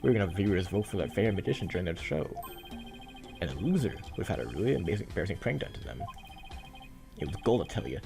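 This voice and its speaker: A man's voice: low-pitched, sing-song, fast, creaky, over music, exaggerated voice. A man voicing a brash, pushy TV producer in a video game dub, talking in slang like a salesman. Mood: boastful.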